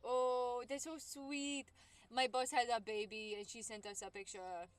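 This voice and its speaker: A woman's voice: a little high, steady tone, unhurried. A young woman streaming a game, chatting casually and cheerfully with her viewers while she plays. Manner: chatty, bubbly, talks to chat while playing. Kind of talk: casual livestream chat. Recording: game music clearly behind the voice. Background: game music.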